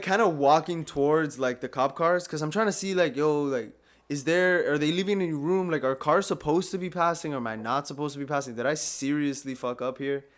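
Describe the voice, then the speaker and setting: A man's voice: on the high side, fairly bright tone. Laid-back young man telling a story. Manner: laid-back, profane, laughs through his story, lots of "like" fillers. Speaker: podcast co-host. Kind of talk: casual storytelling chat.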